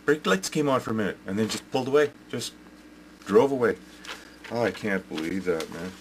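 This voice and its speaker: An older Canadian man venting in an angry rant to camera, swearing heavily, yelling and repeating himself. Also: lowish voice, lively intonation, fairly quick, a little hiss or hum. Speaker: vlogger.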